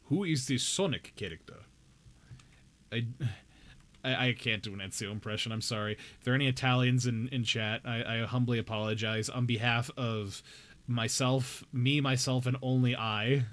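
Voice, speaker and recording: A young man live-streams a game, joking playfully with viewers and talking directly to chat, sometimes in mock outrage. His medium-pitched voice is steady, a bit bright, and at normal speed.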